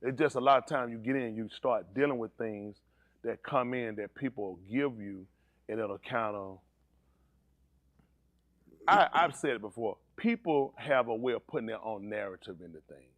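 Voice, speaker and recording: A male pastor preaching a sermon, swinging between low, steady teaching and high, shouted preaching, teasing members of his congregation. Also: normal speed, dry recording.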